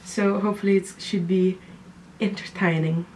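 A woman's voice: medium pitch, steady tone, normal speed, a little mellow, a little hiss or hum. Woman, Russian accent, Russian native, casual vlog host, blunt, laughs a lot. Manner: chatty, laughs often, blunt. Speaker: YouTube host.

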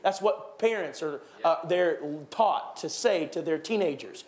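A man preaching a sermon in a church, animated, acting out gossiping churchgoers with raised voices. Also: a little high, measured pace. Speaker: pastor. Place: church sanctuary.

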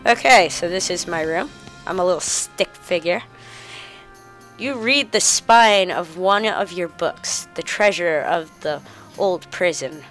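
A woman's voice: fairly low pitch, a bit bright. Lady doing a let's play, chuckles and reads stuff out, takes her time, bit of music behind. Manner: reads game text aloud, chuckles. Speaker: gamer.

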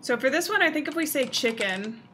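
Young woman gamer, chatty, playful, a bit high, noisy mic hiss. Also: expressive, brisk. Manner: chatty, talks to viewers, playful and easily startled. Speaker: gaming youtuber. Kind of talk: casual let's play commentary.

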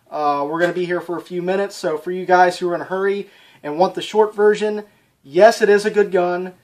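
A man casually reviewing an airsoft rifle for his channel, talking plainly with lots of ums and sounding a little out of breath. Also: sits high. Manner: chatty, frequent ums, plainspoken. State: slightly out of breath.

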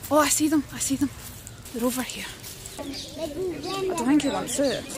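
A young Scottish woman with a high voice chats excitedly to birds and her viewers while she walks through a park. She streams on a handheld phone, so there is clear noise behind her voice outdoors. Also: moderate pace. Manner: chatty and excitable, talking to birds and chat. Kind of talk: casual outdoor stream chat.

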